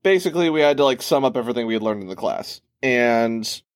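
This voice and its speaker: A man's voice: medium pitch, animated, quick pace, no room sound, studio quality. A man in his twenties co-hosting a casual podcast, telling a rambling story full of fillers and restarts. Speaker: podcast co-host. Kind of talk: casual chat.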